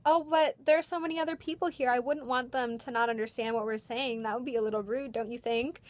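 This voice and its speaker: A cheerful storybook princess , played by a woman, speaks in a sweet, polite voice pitched a little high. She is gracious and gently steers the talk elsewhere. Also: steady tone, fast, lightly acted.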